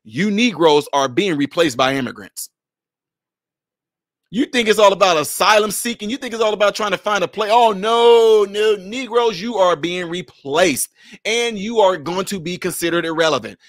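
High, bright-voiced man in heated commentary. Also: normal speed, dry recording, clean studio sound. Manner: confrontational, fires rhetorical questions; swings between shouting and low, blunt asides. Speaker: social commentator.

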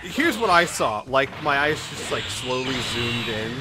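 A man's voice: medium pitch, big pitch swings, a little slow, very noisy. A man giving casual, joking live commentary on a computer fight, easily distracted and laughing often. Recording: loud game music under the voice.

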